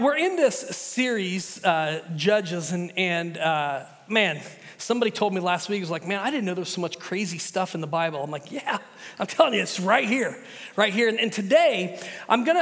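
A man's voice: high voice, a bit bright, big-room sound. A man preaching a sermon as pastor, chatty and casual, often restarting his sentences.

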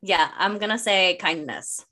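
A middle-aged woman co-hosting a casual podcast chat, an animated storyteller who swears freely and acts out quotes. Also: medium pitch, unhurried. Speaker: podcast co-host.

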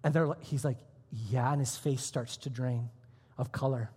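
A man pastor preaching a sermon, telling a personal story with sudden swings between hushed, almost whispered lines and loud, emphatic ones. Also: medium pitch, fairly even intonation, normal speed, breathy edge, in a large hall. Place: church auditorium.

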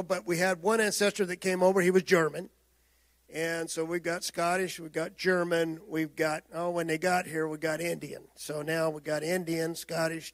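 A man's voice: high voice, no room sound. A male pastor preaching a sermon in a loose, conversational way, with asides and restarts.

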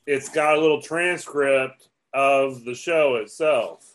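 A man in a relaxed podcast conversation who answers briefly and matter-of-factly. His voice sits at an ordinary middle pitch. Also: slow. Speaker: podcast co-host. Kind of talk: casual chat.

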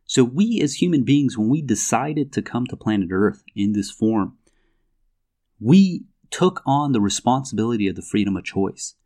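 A man with a slightly low voice talks through scripture in a measured, explanatory way. He reads verses aloud and often pauses on fillers as he works out his points. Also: warm tone. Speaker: religious commentator. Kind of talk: explanatory talk reading scripture.

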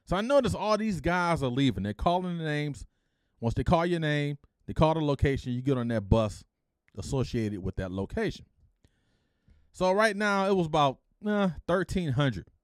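Recorded close and dry with no trace of room tone, a middle-aged Detroit podcast host tells a story casually and with energy. His voice sits a little high and his pace is moderate, and he mimics the voices of those he quotes while dropping blunt, slangy comments.

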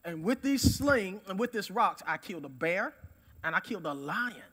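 A bold young shepherd who talks in laid-back slang and sounds sure of himself , as a male preacher puts him on. The voice stays high and bright, only a little lower than the man's usual preaching. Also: animated, moderate pace, husky, exaggerated voice. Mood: casual. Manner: casual, slangy, confident.

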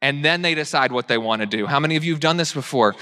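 A young adult man preaching a sermon, animated and acting out people's excuses in mock voices. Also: fairly high pitch, fast, smooth. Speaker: pastor. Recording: long hall reverb.

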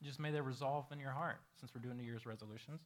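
A male pastor preaching a sermon to a congregation, telling stories with lively acted-out quotes. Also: medium pitch, fast. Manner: animated storytelling, acting out quoted voices. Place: church hall with a congregation.

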